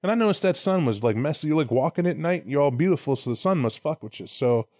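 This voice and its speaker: A man's voice: a little high, expressive, quick pace, darkish tone, no room sound, studio quality, natural voice. A man voicing a flirtatious male fallen angel who talks in laid-back, casual slang. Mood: smooth.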